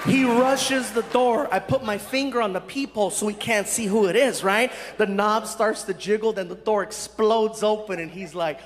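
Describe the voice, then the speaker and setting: A man telling a story in stand-up comedy, animated, acting out other people's voices. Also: high-pitched, moderate pace, few pauses, big-room sound, a little hiss or hum. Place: large live venue. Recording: live stage mic, roaring crowd.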